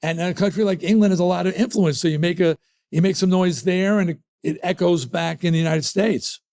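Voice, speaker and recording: A man from the New York area, a rock singer, telling stories in an emphatic, animated way as a guest in a casual interview. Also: high voice, brisk, vocal fry.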